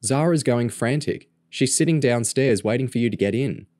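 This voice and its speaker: A man's voice: medium pitch, normal speed, darkish tone, no room sound, studio quality, pitched above the performer's own voice, natural voice. A man voicing a blunt, exasperated teenage boy who looks out for his younger sister. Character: exasperated teenage boy, protective older brother.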